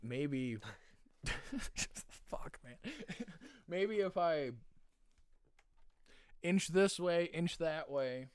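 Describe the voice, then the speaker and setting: A young man co-hosting a casual podcast, animated, swearing and laughing a lot. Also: fairly high pitch, drawn-out words, pauses often, clean tone, no room sound. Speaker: podcast co-host. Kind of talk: casual chat.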